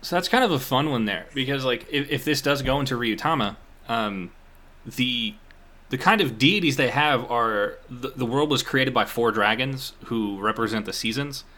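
Bright-voiced man from Kentucky, rambling. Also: medium pitch, normal speed. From Eastern Kentucky. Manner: rambling, with fillers and restarts. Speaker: game master. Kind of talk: casual chat about worldbuilding.

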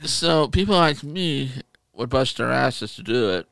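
A man co-hosting a podcast, telling stories in casual chat, animated and profane. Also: medium pitch, a little slow, creaky, dry recording. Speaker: podcast co-host.

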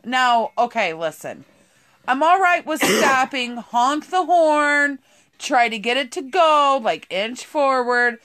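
A woman's voice: high-pitched, animated, slow pace, a bit bright. A woman with a drawl spins a rambling, profanity-laced story. She talks casually and keeps breaking into laughter as she goes.

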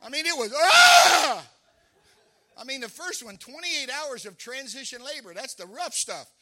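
A middle-aged man preaching a sermon, with emphatic storytelling that rises into shouts. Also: very high voice, animated, fairly quick, very noisy. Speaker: pastor.

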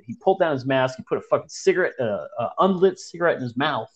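Young man, casual story among friends, profane slang, lively swinging pitch. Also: quick pace, muffled recording. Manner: profane, slangy, animated retelling.

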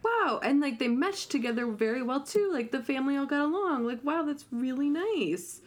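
A woman's voice: high voice, lively intonation, moderate pace. A woman in casual podcast chat, talking with lots of fillers and laughing often. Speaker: podcast co-host. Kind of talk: casual chat recapping a reality show.

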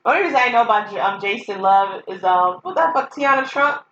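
A woman co-hosting a podcast in casual chat, playful and full of questions, often pausing on fillers. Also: medium pitch, lively intonation, a bit bright, slight background noise. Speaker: podcast co-host. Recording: echoey room, dull lo-fi sound.

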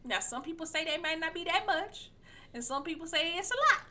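A woman hosting a podcast in casual sports chat, animated and slangy, with a playfully incredulous manner. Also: very high-pitched, brisk. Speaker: podcast host.

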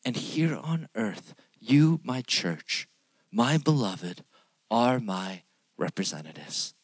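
A young man preaching a sermon, telling a personal story with animated swings between loud lines and hushed whispers. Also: medium pitch, slow pace, slightly rough, dry recording. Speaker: pastor.

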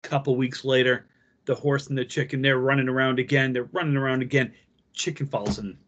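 A man's voice: mid-range voice, steady tone, brisk, a bit bright, muffled recording. A man co-hosting a casual podcast, telling a long rambling joke and laughing with friends. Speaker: podcast co-host.

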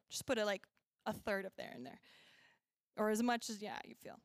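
A woman's voice: medium pitch, steady tone, normal speed, no echo, studio quality. A woman teaching a casual Bible lesson to children at church. She is chatty, laughs often and corrects herself as she goes.

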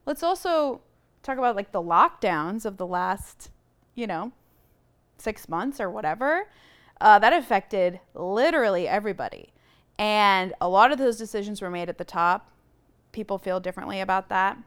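A woman's voice: mid-range voice, lively intonation, normal speed, clean tone. A woman guest on a podcast, talking earnestly in casual conversation and searching for her words, on a lapel mic. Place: room shared with host.

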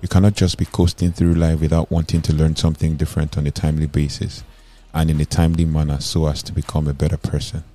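Guy with a super deep voice giving life advice, kinda flat and dark, soft music under it. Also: fast talker. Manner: earnest, advising, numbered points; restarts words mid-sentence. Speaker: motivational speaker. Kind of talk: self-help talk.

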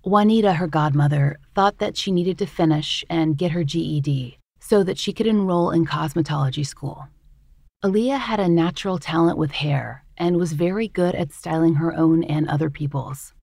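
Low gravelly lady reading true crime narration, dry close mic. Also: normal speed, a little mellow, dry recording. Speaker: podcast host and narrator.

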